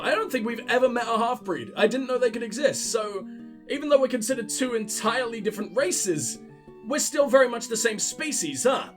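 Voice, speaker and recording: A man commentating on his own gameplay, sarcastic and profane, mocking what he sees. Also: high voice. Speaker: let's play host.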